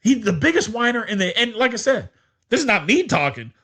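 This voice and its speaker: A man hosting a casual sports podcast, talking in an animated, exasperated way and laughing often. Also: high voice, a little fast, husky. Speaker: podcast host.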